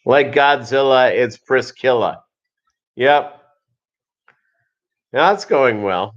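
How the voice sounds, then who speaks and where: A man's voice: mid-range voice, slow, long pauses, muffled recording. A man hosting a casual livestream chat, rambling and jokey, with lots of fillers. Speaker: show host.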